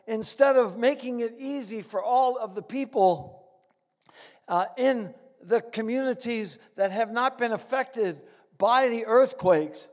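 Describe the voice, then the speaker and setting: A man preaching a sermon and telling a story earnestly, with dramatic pauses. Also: extremely high pitch. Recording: echoey hall.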